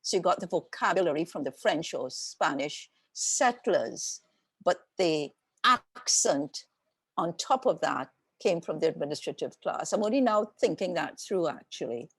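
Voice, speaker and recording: An older woman with a Trinidadian accent talks in a slow, reflective storytelling way as an interview guest. Her voice is gravelly and a little husky. The sound is dry and close, with almost no room echo. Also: low voice, animated. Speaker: author guest. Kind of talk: conversational interview.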